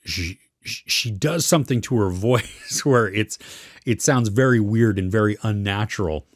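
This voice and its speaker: Clean studio sound with no room noise carries a man's lowish voice at normal speed. He's a podcast co-host in an easygoing chat about a series he watched, often feeling his way toward what he means.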